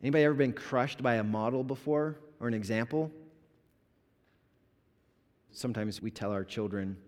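A man pastor giving an animated, conversational sermon with humor to his congregation in a church. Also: mid-range voice, normal speed. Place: church sanctuary. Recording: long hall reverb.

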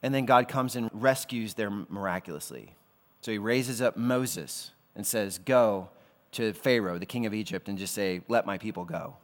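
A man's voice: on the low side, normal speed, in a large hall. A man preaching a sermon as a pastor, talking in a casual, conversational way with slangy asides.

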